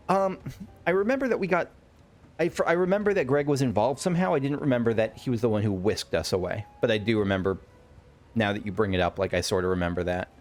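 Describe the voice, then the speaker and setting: A man's voice: mid-range voice, fast. A man giving casual let's play commentary, rambling and correcting himself with wry asides.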